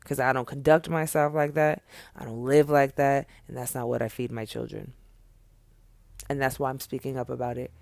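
A man's voice: medium pitch, little pitch movement, normal speed, vocal fry, darkish tone, dry recording. A man speaking straight to camera in an impassioned, unscripted monologue, blunt and profane, hammering his points with repeated phrases.

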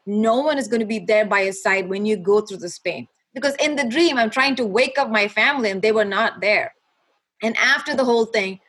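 A young adult woman telling an emotional personal faith testimony in a halting, earnest way, with many restarts. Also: a little high, a bit bright. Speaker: guest sharing her testimony.

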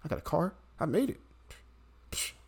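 A man's voice: on the high side, very animated, moderate pace, gravelly, very noisy, voice pushed up. A man putting on a sarcastic voice of a smug, wealthy male free-market cheerleader. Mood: mocking smug. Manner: sarcastic, mocking. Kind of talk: satirical impression in podcast chat.

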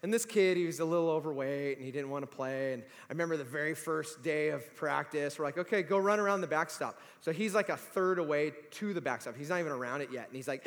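A man in his forties preaching a sermon, telling animated stories and acting out the voices of the people in them. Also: fast talker, few pauses, slight background noise. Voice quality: high voice that climbs to shouts in stories. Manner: animated storytelling, acts out quoted voices. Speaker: pastor. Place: church sanctuary. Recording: long hall reverb.

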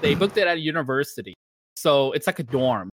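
A man casually telling a travel story on a podcast, animated and laughing as he talks. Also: on the high side, fairly quick, a little hiss or hum. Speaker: podcast co-host.

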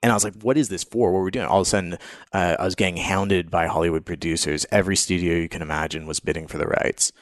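A man from Canada, a podcast guest, telling a personal story in an interview in an animated, candid way and swearing freely. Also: sits low, quick pace, no echo, clean studio sound.

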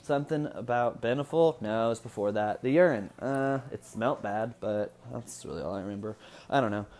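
A man's voice: on the low side, moderate pace, darkish tone. A man in his twenties from Indiana, talking at home in a rambling, profane casual chat and laughing often. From Indiana, USA. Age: 20s. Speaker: vlogger.

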